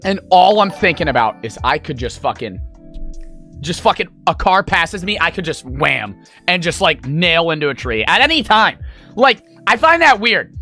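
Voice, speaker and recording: A man's voice: fairly high pitch, big pitch swings, normal speed, bright, forceful tone, faint music behind. A young man streaming, telling a rambling, profane story to his chat. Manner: rambling, profane, full of fillers.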